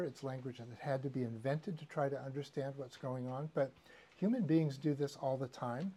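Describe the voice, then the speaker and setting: Male teacher, mid-pitched voice, easygoing lecture delivery with asides. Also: warm tone. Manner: conversational, with fillers and asides. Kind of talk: church doctrine lecture.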